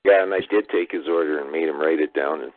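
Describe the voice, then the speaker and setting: A man's voice: extremely low pitch, fast, no echo. A man hosting a call-in show, talking easygoing and agreeable. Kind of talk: casual phone-in talk. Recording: tinny phone line, dry.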